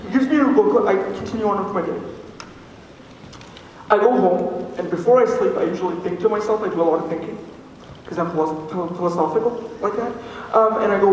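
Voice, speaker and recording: Teen guy giving a talk in a big hall, high voice, lots of ums and restarts, mic way off, echoey. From Alberta, Canada. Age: teens. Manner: earnest, halting, with many fillers and restarts. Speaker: student speaker. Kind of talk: personal story told to an audience. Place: large hall with an audience. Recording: echoey hall from far off, faint noise.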